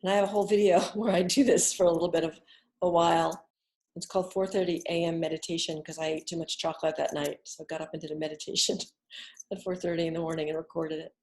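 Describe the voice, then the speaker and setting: A middle-aged woman leading a gentle guided relaxation lesson, speaking softly and soothingly, with whispered exhales between instructions. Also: fairly low pitch, level tone, quick pace. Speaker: wellness instructor.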